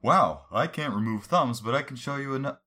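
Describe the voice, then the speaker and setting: A man's voice: medium pitch, expressive, brisk, bright, forceful tone, voice pushed up. A man voicing a goofy, over-friendly creature that charms children, in a raised sing-song tone. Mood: gleeful.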